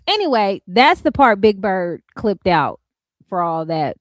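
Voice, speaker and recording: A woman hosting a casual reaction commentary, sassy and animated, laughing often and mimicking others. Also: medium pitch, unhurried, dry recording. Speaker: commentary channel host.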